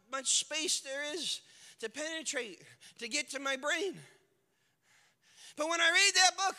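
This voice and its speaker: A man's voice: very high voice, sharp tone. A male pastor preaching a sermon, telling the story in an impassioned, colloquial way. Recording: long reverb of a large hall.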